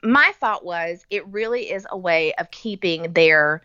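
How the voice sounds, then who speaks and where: A woman's voice: fairly low pitch, unhurried, bright, forceful tone, clean tone, no room sound, lo-fi sound. A middle-aged woman telling stories in a casual chat, with sarcastic asides. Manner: chatty storytelling, sarcastic asides.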